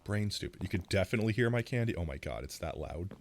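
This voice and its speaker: Man, low voice, sore throat, casual rambling streamer, close mic, faint background hiss. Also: expressive, quick pace. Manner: rambling, self-deprecating, reacts loudly. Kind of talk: casual live-stream chat while gaming.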